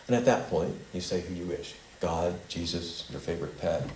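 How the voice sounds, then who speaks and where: A man whose voice sits low leads a small group at a spiritual center, speaking quickly with few pauses. His teaching meanders as he has them repeat a statement after him. The recording carries the hall's echo and faint noise.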